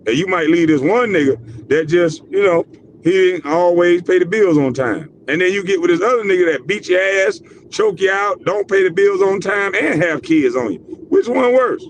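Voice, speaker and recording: A man with a high voice talks bluntly and loudly among friends, swearing freely. There is clear noise in the background behind him. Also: rough recording. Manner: loud, blunt, profane ranting. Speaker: podcast co-host. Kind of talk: heated casual talk.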